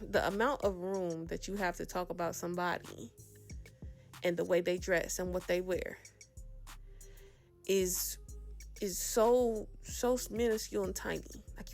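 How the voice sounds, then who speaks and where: Gravelly-voiced woman gossiping sassily. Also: medium pitch. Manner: chatty, sassy, laughs often, calls viewers "child". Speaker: reality TV recap host. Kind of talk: casual recap commentary.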